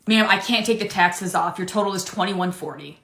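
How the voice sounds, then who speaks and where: A woman's voice: medium pitch, a little fast, creaky, a bit bright. A woman playing a polite but firm cashier in a comedy skit, dry and unbothered. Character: patient, fed-up young woman cashier. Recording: roomy echo.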